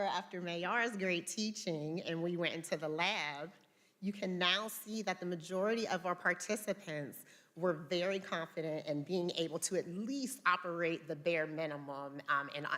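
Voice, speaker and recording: A woman's voice: fairly low pitch, moderate pace, fairly bright tone. Chatty woman presenting research findings. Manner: conversational, chatty with filler words. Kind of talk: conference presentation.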